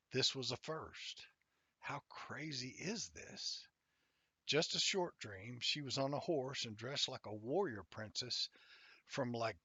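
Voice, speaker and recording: A man reading his own first-person novel aloud in a wry, conversational way, sometimes dropping into soft half-whispered asides, in a slightly muffled, dry recording. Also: mid-range voice, breathy edge, dry recording.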